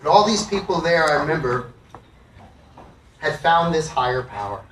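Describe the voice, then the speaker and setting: Animated, swearing man telling a stage story. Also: on the high side, normal speed, a little hiss or hum. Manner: profane and animated, swinging between loud outbursts and hushed asides. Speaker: musician telling a story to a live audience. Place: live music venue. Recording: echoey live room, from far off.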